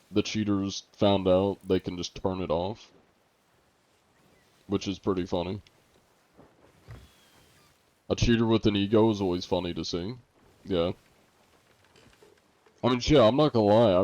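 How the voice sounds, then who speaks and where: A man's voice: lowish voice, a little mellow, no room sound, dull audio. A man streaming a game and chatting casually with viewers, laid-back and sarcastic. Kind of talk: casual gameplay chat with viewers.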